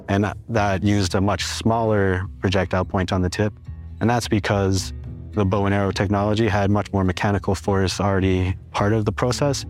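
A man explaining in a documentary interview, patient and methodical, often linking points with "and so". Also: fairly low pitch.

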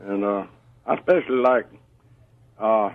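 Male caller, gravelly and husky, slow and friendly, muffled phone audio. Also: fairly low pitch, no room sound. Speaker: radio caller. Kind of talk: phone call to a radio show.

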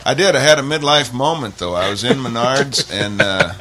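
A man's voice: medium pitch, moderate pace, noisy background. A man in his forties telling a rambling, self-deprecating comic story and chuckling along the way. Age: 40s. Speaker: comedian. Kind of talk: stand-up comedy storytelling.

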